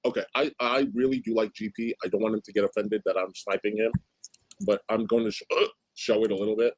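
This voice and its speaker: A man running a livestream talks in a slightly low voice, tossing out blunt, wry reactions to chat. The sound is close and dry with no room around it. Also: fairly even intonation, fast talker, no room sound. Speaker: streamer host. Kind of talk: casual livestream commentary.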